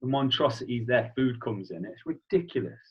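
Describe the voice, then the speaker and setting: A young man with a British accent chats casually as a guest, loose and talkative with the odd swear word. His voice is husky and of middling pitch. The recording sounds dull and lo-fi. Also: a little fast. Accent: British English. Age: young adult. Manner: chatty, swears casually, animated storytelling. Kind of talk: casual chat.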